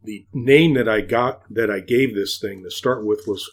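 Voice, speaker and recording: A man's voice: on the low side, normal speed. A man as a podcast guest, explaining his model kit design with many fillers. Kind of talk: casual interview.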